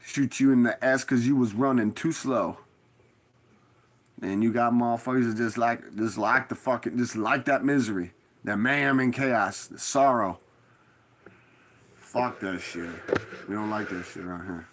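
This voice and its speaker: A man's voice: mid-range voice, moderate pace. A man in a casual rambling monologue, giving blunt street advice in heavy slang and constant profanity, with stern warnings.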